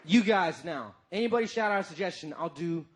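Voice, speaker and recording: A brash, boastful comedian, played by a man, in a very high voice that swings wildly up and down. He talks crude and loud, often tipping into shouts. A live crowd murmurs behind him on stage. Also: animated, a little fast, a little hiss or hum. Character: brash, crude adult male comedian bragging loudly. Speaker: stand-up comedian. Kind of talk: stand-up comedy performance. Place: stage before a live audience.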